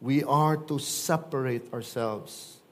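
A man, preaching a sermon and acting out quoted voices with lively swings. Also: slow pace. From Philippines. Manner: animated, acts out quoted voices with big pitch jumps. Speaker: pastor.

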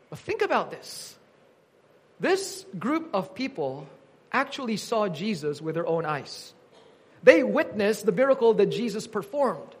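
A man's voice: high voice, very animated, unhurried, breathy edge. A man preaching an earnest teaching sermon, quoting scripture with emphasis.

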